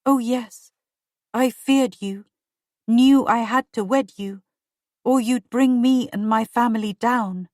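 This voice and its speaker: A young woman posing as a dead queen's ghost drawls her words in a hushed, wispy way, as a female reader puts her on. The voice sits fairly high, and she speaks slowly and deliberately. The sound is close and dry. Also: no room sound.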